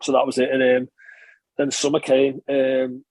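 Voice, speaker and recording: A man, a former rugby player, recalls his career in a relaxed interview, rambling and correcting himself as he goes. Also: mid-range voice, moderate pace, dry recording. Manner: chatty, rambling recollection, frequent filler and self-correction. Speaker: former professional rugby player, podcast guest.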